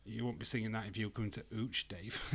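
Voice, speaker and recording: A Yorkshireman who streams wrestling watch-alongs chats casually with his live viewers, reading their comments, bantering, rambling, and swearing here and there. His voice is fairly low and gravelly with a slight roughness, delivered at a moderate pace with fairly even intonation.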